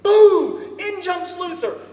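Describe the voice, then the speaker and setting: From far off in a large, echoing hall with a faint murmur behind him, a man with a strikingly high voice tells a lively story. He takes it slowly, acting out voices and laughing often, over noticeable background noise.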